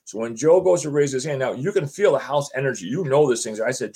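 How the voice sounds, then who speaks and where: Animated man telling a story. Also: mid-range voice, fast, few pauses, husky. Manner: animated, acts out quotes of others. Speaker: homeowner telling his story. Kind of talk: casual storytelling.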